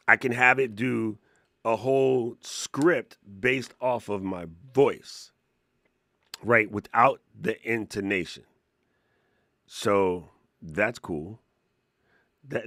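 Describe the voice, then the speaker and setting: A man with a lowish voice walking through software in a casual tutorial. He talks in an excitable, slangy way and laughs often, and the recording is dry and close. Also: dry recording. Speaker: tech streamer.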